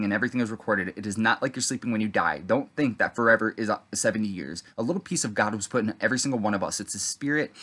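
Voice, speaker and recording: A man telling about a dream in a halting, rambling monologue, full of fillers and throat clearing, then preaching earnestly. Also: on the low side, fairly bright tone. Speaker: vlogger recounting a dream.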